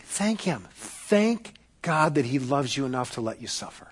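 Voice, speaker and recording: A man preaching a sermon to a congregation, swinging between loud, emphatic calls and hushed, quiet passages. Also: mid-range voice, very animated, measured pace, slightly rough. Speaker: pastor.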